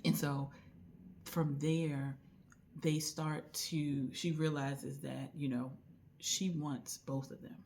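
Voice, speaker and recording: Very low-voiced woman chatting about books. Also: slow, slight background noise. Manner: chatty, animated retelling with asides. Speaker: book reviewer. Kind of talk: casual book recommendation chat.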